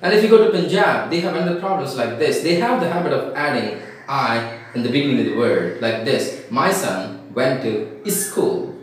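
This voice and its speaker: A male teacher with an Indian English accent gives a classroom lecture. He explains each point with examples, repeats words and slows down to stress them. The recording has heavy echo, as if made in a bare, hollow room. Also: medium pitch, expressive, a little hiss or hum. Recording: very echoey room.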